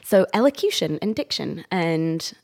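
A woman's voice: fairly low pitch, very animated, unhurried, gravelly, a little mellow. A woman, an actor and director, chatting as a podcast guest in a rambling, laugh-prone way. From England. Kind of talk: casual interview chat.

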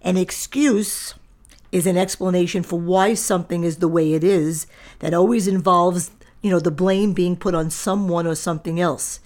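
Firm, lower-voiced woman podcast host. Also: steady tone, moderate pace, a little mellow. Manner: firm, direct and lecturing. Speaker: podcast host and diet center owner. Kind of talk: solo podcast monologue.

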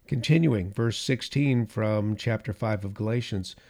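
A middle-aged male pastor delivering a sermon with fervent conviction. His voice rises and falls sharply in volume, and he lets dramatic pauses hang between phrases. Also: fairly low pitch, gravelly. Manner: impassioned preaching with dramatic pauses and swings in loudness.

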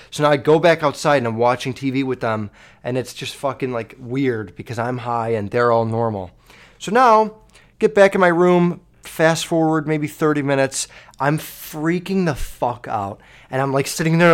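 A man's voice: fairly high pitch, moderate pace. Young man rambling through a wild story. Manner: rambling, swears a lot, acts out his own panic. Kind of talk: casual storytelling to camera.

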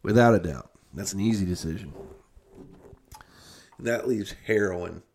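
A man's voice: low voice, unhurried, a little mellow, slight background noise. A young adult man hosting a podcast in casual chat, rambling and swearing freely, with many fillers and restarts. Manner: rambling and heavily profane, with frequent fillers and self-corrections. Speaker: podcast host.

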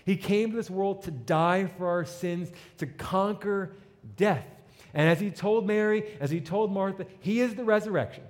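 A man's voice: high-pitched, normal speed. A man preaching a sermon, telling a story dramatically and acting out its voices, building to emphatic peaks. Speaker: pastor. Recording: long hall reverb.

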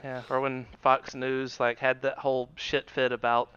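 A man co-hosts a podcast and speaks in a blunt, profane, stammering way. His voice is bright and smooth, with a slightly high, lively pitch. It comes through a dry, dull, lo-fi mic. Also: moderate pace. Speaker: podcast co-host. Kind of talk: casual chat.

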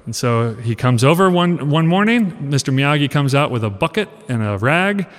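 A college professor in his forties giving an animated, conversational talk, asking his audience questions and acting out lines. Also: mid-range voice, normal speed. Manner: animated storyteller, acts out quoted lines. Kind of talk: casual lecture talk. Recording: long reverb of a hall.

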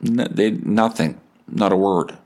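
A man in his thirties with a somewhat low voice delivers a comic podcast monologue. He rambles from tangent to tangent, mocks himself and swears freely. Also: unhurried, a little mellow. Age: 30s. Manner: rambling, digressive, profane storytelling; self-deprecating. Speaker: podcast host.

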